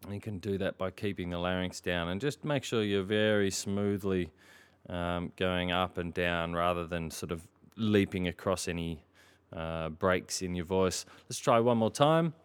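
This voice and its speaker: A man leading a vocal warm-up lesson, calmly instructing and demonstrating sung scales. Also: low voice, unhurried, smooth. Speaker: singing teacher.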